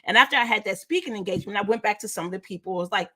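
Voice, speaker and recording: Middle-aged woman, business coach, energetic and preachy, bright voice, fairly high pitch. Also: racing, few pauses. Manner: energetic, preachy, talks to her chat. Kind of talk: live-stream motivational talk.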